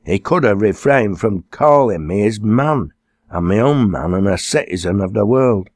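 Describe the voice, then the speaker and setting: An outspoken young woman with a Manchester accent, as a man puts her on, blunt and sharp-tongued, in a deep, dry reading. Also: lively intonation, moderate pace, no room sound. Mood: indignant.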